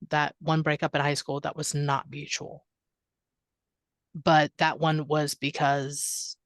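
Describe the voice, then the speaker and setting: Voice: mid-range voice, no echo, clean studio sound. A podcast co-host in casual conversation, listening attentively, agreeing and asking reflective questions.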